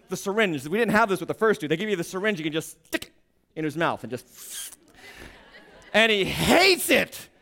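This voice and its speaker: A middle-aged male pastor preaching a sermon, emphatic, swinging from quiet asides to shouted points. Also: high voice.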